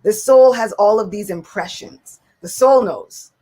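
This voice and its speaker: A young woman speaking as a guest in a casual spiritual talk. She tells stories in an animated way and slips into the voices of the people she quotes. Her voice sits at a middle pitch. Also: measured pace.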